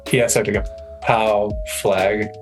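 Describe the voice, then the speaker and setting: A laid-back podcast co-host tossing out deadpan jokes in a relaxed conversation. Music plays clearly behind his voice. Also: on the low side, slow. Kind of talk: casual comedic podcast chat.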